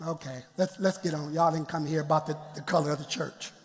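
A man's voice: on the high side, steady tone, a little fast, slightly rough, long reverb tail. A man preaching a sermon as pastor in a church, laughing often and calling out to the congregation.

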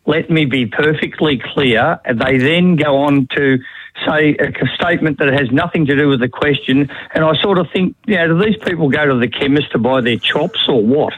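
A man's voice: on the high side, moderate pace, a bit bright, breathy edge, dry recording, rough recording. A man calling a radio show, making a wry, joking complaint. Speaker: radio caller.

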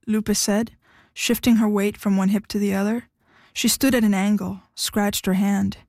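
A woman reading a story aloud in scripted narration, measured and even, close to the mic. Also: medium pitch, no echo.

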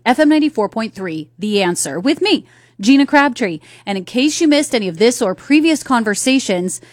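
A woman's voice: medium pitch, no echo, clean studio sound. A woman hosting a solo talk radio show, chatting casually and putting questions to her listeners. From North Carolina. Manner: chatty, conversational, asks the audience questions. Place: radio studio. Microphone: studio microphone.

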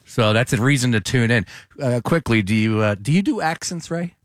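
A man co-hosting a sports radio show, teasing his colleagues in lively, playful banter. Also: medium pitch, brisk, dry recording, clean studio sound. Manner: teasing, animated, laughs often.

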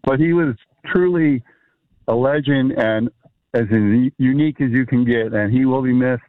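A man calls in and tells a rambling story, full of fillers and restarts. His voice comes through a tinny phone line. The sound is dry, with a middle pitch. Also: normal speed, no echo. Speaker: caller or guest telling a story. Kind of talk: casual storytelling.

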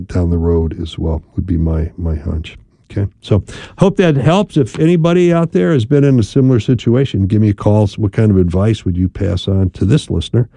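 Gravelly, dark-voiced male radio therapist. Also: on the low side, no room sound. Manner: measured, counseling tone, frequent "right?" and fillers. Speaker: radio host and marriage and family therapist. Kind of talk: radio advice call-in show. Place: radio studio.

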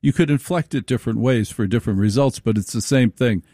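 A man's voice: medium pitch, fast talker, mellow, no room sound, clean studio sound. A middle-aged man hosting a late-night radio talk show, delivering an emphatic, folksy monologue to his listeners.

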